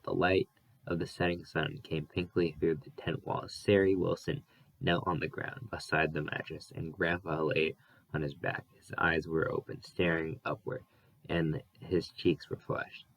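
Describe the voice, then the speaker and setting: A man reading a novel aloud as an audiobook, careful and unhurried, with small slips he corrects. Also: very deep voice, little pitch movement, dry recording, poor audio. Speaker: audiobook reader. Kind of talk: audiobook narration.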